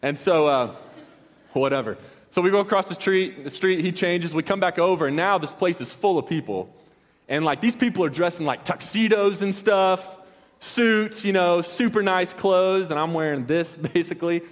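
A young pastor with a high voice delivers a storytelling sermon at a moderate pace, and a long reverb tail trails his words. His telling is casual and rambling, full of slangy asides and frequent restarts.

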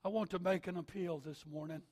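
A man preaching an altar call sermon, reading scripture and building to shouted, sing-song appeals. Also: sits high, fairly even intonation, a little fast. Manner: reads scripture in King James wording.

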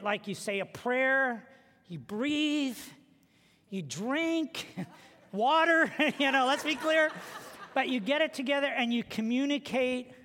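A male pastor with a very high, bright voice delivers a sermon full of lively stories and humor. His voice rings out with a long reverb in a large church hall. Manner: animated storytelling with humor.

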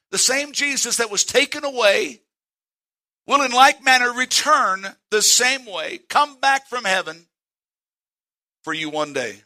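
Bright-voiced preaching man. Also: very high voice, animated. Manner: emphatic preaching, quoting scripture with slow stresses. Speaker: pastor. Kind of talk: sermon. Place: church.

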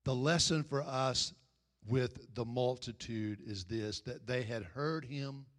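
A man preaching a sermon, building to loud emphatic peaks and then dropping low and slow.

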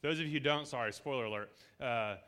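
Male preacher, bright and forceful tone, casual storytelling sermon to a congregation, acts out quotes. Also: mid-range voice, fast talker, smooth. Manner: lively, acts out quoted dialogue. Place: church service before a congregation.

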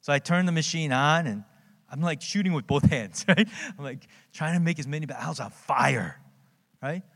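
Pastor man, animated storytelling sermon. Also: moderate pace, creaky. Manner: conversational storytelling with dramatic pitch swings, many tag questions. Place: church sanctuary. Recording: long hall reverb.

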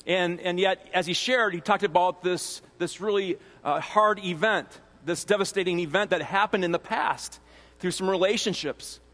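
A pastor giving a sermon in a relaxed, conversational teaching manner, often restarting phrases and adding asides. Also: male voice, high-pitched, normal speed. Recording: long reverb of a large hall.

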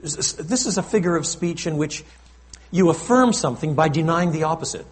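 A male pastor preaching a sermon in an animated, conversational way, with frequent asides to the congregation. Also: a little high, fairly quick.

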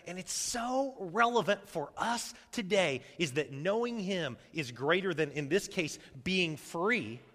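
A man preaching in a church sanctuary, his slightly high voice rising and falling with lively, dramatic swings. He moves from loud, ringing calls to hushed, low lines. The sound carries a long reverb from the hall. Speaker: pastor. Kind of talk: sermon.

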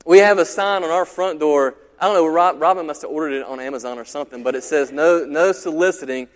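High-voiced pastor preaching in a reverberant hall. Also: male voice, fast talker. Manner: conversational, animated preaching with restarts. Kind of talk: sermon. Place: church sanctuary.

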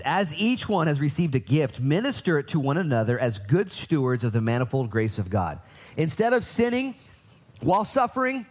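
A man's voice: lowish voice, a little mellow. Man preaching an emphatic sermon. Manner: conversational, emphatic, rising and dropping for stress. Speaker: pastor.

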